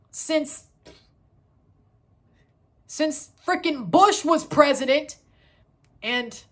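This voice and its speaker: A woman in her thirties hosting a casual sports review vlog, excitable and rambling, correcting herself as she goes. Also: high-pitched. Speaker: sports channel host.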